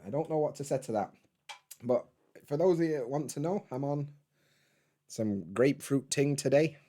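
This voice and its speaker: Bloke, mid-pitched, chatting loosely to his stream from home, casual and sweary. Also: moderate pace, warm tone. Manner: laid-back, rambling, swears freely. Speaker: YouTuber hosting a live stream. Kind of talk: casual live-stream chat reading comments.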